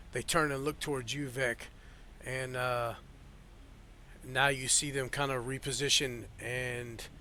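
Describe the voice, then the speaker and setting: A man narrating a tabletop game as game master over an online call, in a loose, halting way full of fillers. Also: mid-range voice, bright, forceful tone, slight background noise.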